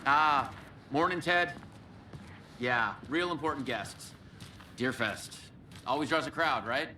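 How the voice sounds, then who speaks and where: A man's voice: mid-range voice, takes it slowly, sharp tone, recorded from a distance, slight background noise. An actor playing an easygoing small-town male sheriff with a folksy, joking manner. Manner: laid-back, folksy, joking.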